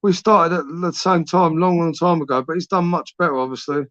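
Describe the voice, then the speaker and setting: A man's voice: a little high, a little fast, fairly bright tone, no room sound. A man in his forties hosting a late-night live stream, rambling through chat with sweary, matey banter. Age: 40s. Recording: dry, dull lo-fi stream audio.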